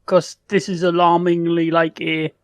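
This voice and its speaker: High-voiced middle-aged male player. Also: monotone, normal speed, no room sound. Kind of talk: tabletop game play.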